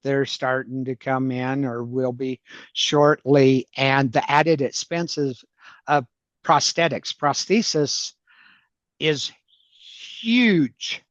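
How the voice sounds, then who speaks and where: A man hosting a podcast, speaking slowly and hesitantly with many pauses and "um"s. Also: mid-range voice, steady tone, no room sound. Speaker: podcast host. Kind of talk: interview conversation. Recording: dry, dull lo-fi sound.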